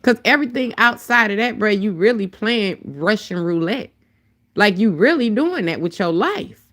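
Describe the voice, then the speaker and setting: A woman with a deep voice and a dry throat, talking bluntly and heatedly in a casual livestream chat on her phone. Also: expressive, moderate pace, a bit bright. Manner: blunt, profane, heated storytelling. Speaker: livestream host.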